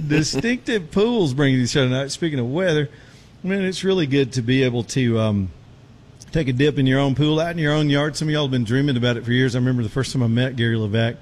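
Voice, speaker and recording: A man's voice: medium pitch, quick pace, a little mellow. A middle-aged man, hosting a talk show on location, chatting in a folksy, rambling way while out of breath. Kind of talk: casual talk radio chat with live ad reads. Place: outdoors on a road show.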